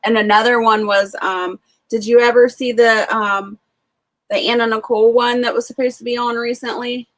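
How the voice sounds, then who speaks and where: A woman co-hosting a live stream, chatting easily and reading out comments. Her voice is a little high, and the sound is dry, with no room echo. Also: steady tone, moderate pace. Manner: easygoing, conversational, reads out chat comments. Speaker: co-host of a live chat. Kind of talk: casual live-stream chat.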